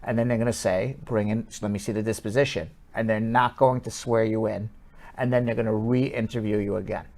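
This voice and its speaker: New york guy lawyer taking calls on his show, quick reassuring advice, cuts in a lot. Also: lowish voice, steady tone, darkish tone. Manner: brisk, reassuring, talks over callers. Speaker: immigration lawyer and show host.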